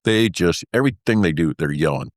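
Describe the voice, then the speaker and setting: Deep-voiced man, interview guest, rambling and wry, dry close sound. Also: animated, fairly quick, no echo. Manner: rambling, filler-heavy, wry with laughs. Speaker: interview guest, former pilot. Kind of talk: casual storytelling interview.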